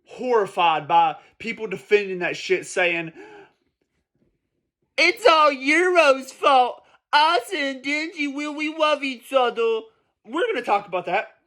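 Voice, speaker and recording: A man's voice: high-pitched, a bit bright. A man giving casual, heated commentary as a vlogger. He is emphatic and profane, and he repeats his points for stress.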